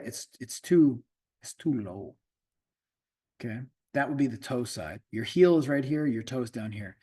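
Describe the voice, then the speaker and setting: A man's voice: a little high, mellow. A middle-aged man, an automotive instructor, lecturing a class in a casual, conversational way, often repeating himself and checking in with the students.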